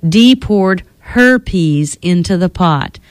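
A woman radio host reading a children's storybook aloud in a studio with an expressive delivery, then appealing to listeners. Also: on the low side, slow, no echo.

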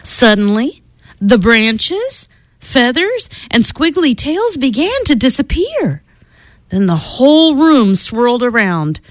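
A woman reading a children's storybook aloud, her fairly high voice lilting widely up and down. She takes her time over each phrase, recorded close and dry. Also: big pitch swings, takes it slowly, no room sound.

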